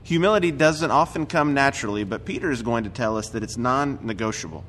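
A man's voice: medium pitch, lively intonation, fast talker, fairly bright tone, slight background noise. A man preaching a conversational sermon in a church, talking casually with frequent fillers. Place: church sanctuary. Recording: recorded church sermon with hall reverb.

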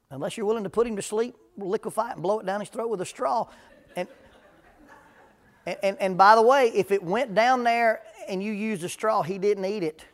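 Folksy preacher, deadpan humor. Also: male voice, high voice. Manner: humorous storytelling, deadpan jokes. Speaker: preacher speaking on parenting. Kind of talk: folksy talk to a live audience.

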